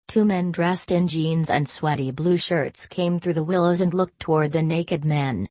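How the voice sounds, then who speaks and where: Low-voiced woman reading an audiobook. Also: measured pace, hardly any pauses, darkish tone, dry recording. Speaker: audiobook narrator. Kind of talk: audiobook narration.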